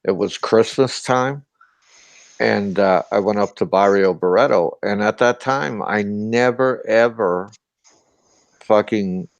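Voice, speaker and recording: A man's voice: on the low side, no echo. An older man with a Boston accent, a former sailor telling profane, boisterous stories in a casual chat. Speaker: ex-sailor storyteller.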